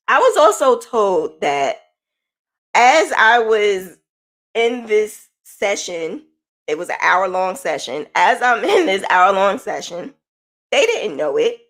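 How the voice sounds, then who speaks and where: Woman, podcast host, candid, conversational, storytelling, mid pitch. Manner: candid, conversational, shifting pace. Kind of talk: casual personal storytelling.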